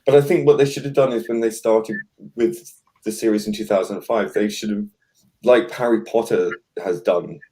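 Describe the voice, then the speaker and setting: A man with a lowish voice holds forth in a relaxed chat. He stumbles over his words and restarts often, yet his opinions come out firm. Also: normal speed, slight background noise. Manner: hesitant, many restarts and fillers, opinionated. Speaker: podcast host. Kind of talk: casual chat.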